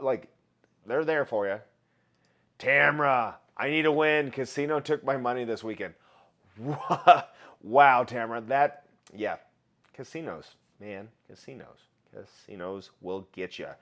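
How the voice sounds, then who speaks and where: Man, livestream host, casual chat, laughs a lot, reads chat aloud, mid pitch. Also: fairly bright tone.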